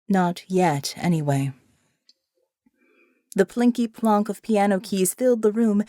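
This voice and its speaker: A woman's voice: a little high, warm tone, no room sound. Woman narrating an audiobook, dry. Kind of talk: scripted narration.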